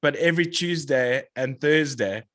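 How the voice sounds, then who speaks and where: A man chatting as a podcast guest, relaxed and laughing easily. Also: medium pitch, moderate pace. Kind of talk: casual chat.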